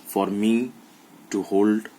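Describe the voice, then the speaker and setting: Low-voiced man teaching a math lesson. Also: little pitch movement, mellow, slight background noise, rough recording. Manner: repeats phrases, halting with fillers. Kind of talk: classroom explanation to children. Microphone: phone held in one hand.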